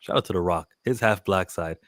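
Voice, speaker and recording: A man's voice: low-pitched, brisk, a bit bright, dry recording. A man calling in to a live stream to joke around, rambling and stumbling over his words. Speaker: caller. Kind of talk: joking call-in comment.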